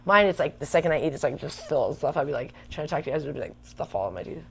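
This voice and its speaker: A woman rants to her livestream viewers, talking quickly and with heat. Her voice sits a little low, and she piles one complaint onto the next. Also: vocal fry, a little hiss or hum. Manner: ranting, worked up, fast and emphatic. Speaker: livestream vlogger. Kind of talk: casual venting chat.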